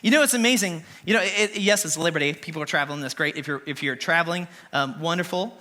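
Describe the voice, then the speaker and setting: A man in his thirties, a worship pastor preaching a sermon in church, animated and laughing as he acts out scenes. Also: a little high, fast.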